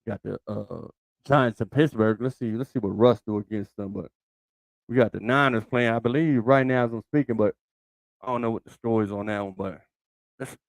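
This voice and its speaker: A man's voice: lowish voice, normal speed, vocal fry, no room sound. A man hosting his own sports podcast, talking loosely and thinking aloud with many fillers and restarts. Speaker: podcast host. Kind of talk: casual solo sports commentary.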